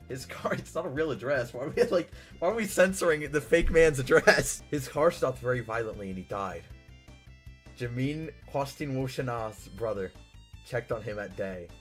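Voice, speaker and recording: A man casually reading viewer-submitted stories aloud, often laughing and breaking off into incredulous outbursts. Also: medium pitch.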